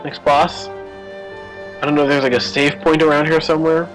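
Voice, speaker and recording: A man's voice: on the high side, level tone, moderate pace, a bit bright, soft background music, rough recording. A man streaming a game live, chatting and rambling through a story between moves. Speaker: gaming streamer. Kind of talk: live gameplay commentary.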